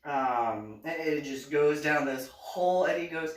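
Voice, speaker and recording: A woman's voice: deep voice, a little slow, few pauses. A woman casually recounting her military days, laughing often and acting out the people in her story. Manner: laughs often while telling, animated quoting of others. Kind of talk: casual spoken anecdote. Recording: roomy echo, mic at a distance.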